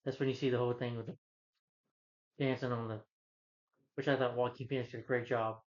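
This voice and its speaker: A man's voice: medium pitch, flat delivery, brisk, lo-fi sound. A man casually recapping a film's plot in a rambling way, full of fillers and restarts. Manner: rambling, filler-heavy retelling with frequent restarts. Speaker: film reviewer. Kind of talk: casual spoken film recap.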